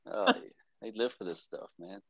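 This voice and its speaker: A man's voice: low voice, normal speed, no echo. A man who is a podcast guest on a video call gives passionate, rambling relationship advice with frequent sighs. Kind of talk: casual advice talk.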